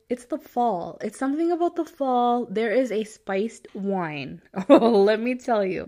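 A woman's voice: mid-range voice, a little mellow. Stuffy-nosed young woman, chatty host. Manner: chatty, laughs often, mixes in Spanish words. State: stuffy nose from a sinus infection. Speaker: podcast host. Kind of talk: casual chat.

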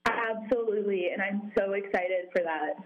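A young woman from Vermont chats as a guest over a slightly dull, lo-fi line. Her pitch sits in the middle of the range. She sounds cheerful and drops in plenty of ums as she answers. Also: normal speed. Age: young adult. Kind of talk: casual interview.

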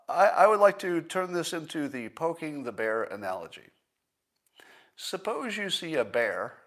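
A man hosting a livestream in a casual commentary style, thinking aloud and slowing down to stress his points. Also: medium pitch, fairly bright tone. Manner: conversational, thinks aloud with restarts and small laughs. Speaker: livestream host.

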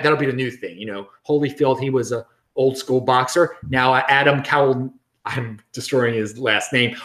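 A man's voice: mid-range voice, a bit bright, echoey room. A man hosting a casual commentary show, joking and rambling, often repeating words. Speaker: host. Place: home studio in Los Angeles.

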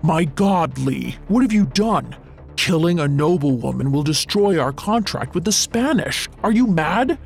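Stern, upright first mate played by a man, gravelly and indignant. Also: fairly high pitch, lively intonation, measured pace, faint music behind. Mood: outraged. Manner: indignant, confrontational. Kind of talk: audio drama acting.

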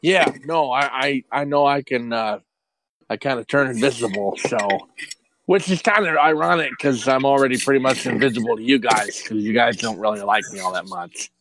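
A man's voice: mid-range voice, moderate pace, background noise, close to an everyday voice. A man voicing a timid, mocked young man who talks in an odd made-up accent like a speech impediment, stammering and hesitant, in an improvised comedy. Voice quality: peculiar put-on speech, like an impediment.

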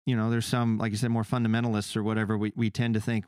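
Animated male podcast co-host. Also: medium pitch, rapid-fire, hardly any pauses, dry recording, clean studio sound. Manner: animated, acts out quoted speakers in his retelling. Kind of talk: casual faith discussion.

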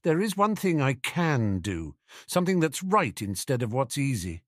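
A man's voice: medium pitch, very animated, moderate pace, a bit bright, dry recording, clean studio sound, voice pushed up. A man voicing a guilt-ridden, frightened schoolboy wizard in a storybook reading. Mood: resolute. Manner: miserable, then resolute.

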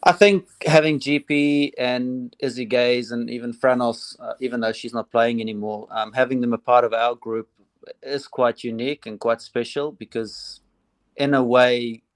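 A man's voice: medium pitch, fairly even intonation, moderate pace, no room sound. A man with a South African accent, an assistant cricket coach chatting casually with many fillers in a phone interview. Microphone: phone line.

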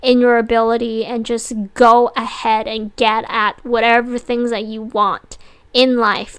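A woman's voice: on the high side, clean tone. A woman hosting a motivational talk, earnest and encouraging, often restarting her sentences. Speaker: podcast host.

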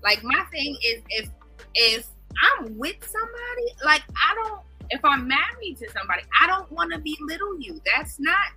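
A woman's voice: high-pitched, very animated, normal speed, sharp tone, faint music behind, low-quality recording. A woman talking in a casual group discussion, emphatic and opinionated, telling family stories. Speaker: discussion panelist.

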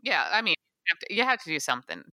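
A woman co-hosting a casual podcast chat, plain-spoken and relaxed, often answering briefly. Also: fairly low pitch, fast talker, dry recording, studio quality. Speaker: podcast co-host.

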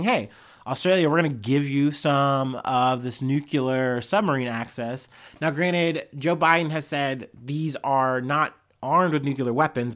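A man hosting a podcast, giving casual solo news commentary in a rambling, sarcastic way, with lots of fillers and swearing. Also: mid-range voice. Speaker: podcast host.

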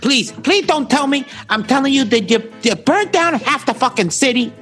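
A man putting on the voice of an exasperated middle-aged police captain who scolds loudly. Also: very high-pitched, animated, normal speed, soft background music, voice pushed up.

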